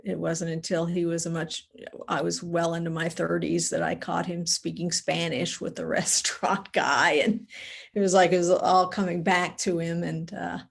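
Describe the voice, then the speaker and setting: A middle-aged woman in a discussion group, sharing thoughts slowly and hesitantly. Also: lowish voice, little pitch movement, creaky, breathy edge.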